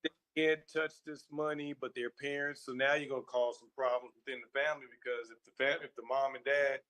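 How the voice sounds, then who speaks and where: A man's voice: mid-range voice, little pitch movement, fairly quick, fairly bright tone. A man who once played pro football, talking casually on a radio show in an earnest, storytelling way. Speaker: former football player, co-host.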